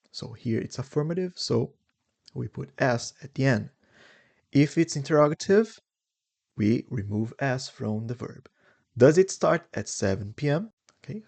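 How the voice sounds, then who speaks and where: A man teaching English in a video lesson, explaining slowly and deliberately and exaggerating rising and falling intonation in his examples. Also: medium pitch, creaky.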